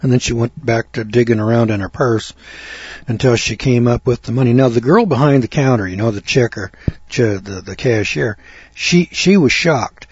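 Older guy rambling a folksy story, husky voice, dry muffled sound. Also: medium pitch, no room sound. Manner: folksy storytelling with frequent fillers and throat clearing. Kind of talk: rambling spoken monologue.

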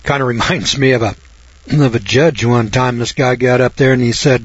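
A husky-voiced man talks through scripture in a rambling, folksy way, breaking off into chuckling asides and jokes about himself. The recording is dry and a bit dull. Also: mid-range voice, fairly even intonation, normal speed, no room sound. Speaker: Bible teacher.

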